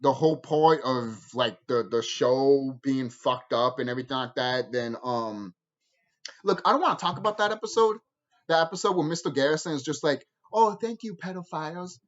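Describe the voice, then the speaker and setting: This review vlog features a woman with an extremely low-pitched voice ranting at a moderate pace, swearing freely amid many fillers and restarts. The audio is dull.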